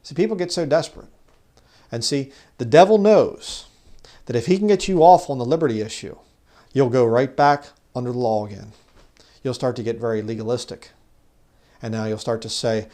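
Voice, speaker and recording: A man giving an informal bible teaching, talking conversationally and growing louder when he reads scripture. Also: mid-range voice, moderate pace. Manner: conversational, rises loud when reading scripture; mocks legalists in put-on voices. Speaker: preacher.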